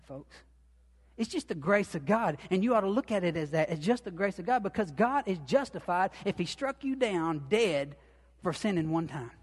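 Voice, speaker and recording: High-voiced man preaching in a hall. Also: a little mellow, slightly rough. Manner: folksy, repetitive, rising to emphatic bursts. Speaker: lay preacher. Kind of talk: sermon. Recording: long reverb of a hall.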